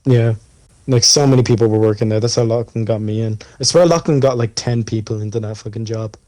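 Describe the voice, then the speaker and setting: A man's voice: on the low side, fairly quick, dark tone, no echo. A young Irish man co-hosting a podcast, telling a long story in a rambling, profane way with plenty of fillers. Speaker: podcast co-host. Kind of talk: casual chat.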